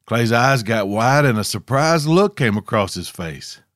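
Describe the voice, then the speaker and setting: A man's voice: mid-range voice, lively intonation, measured pace, a bit bright, no echo. A man from Arkansas, telling a scripted outdoor story with dry, wry humor. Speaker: podcast host.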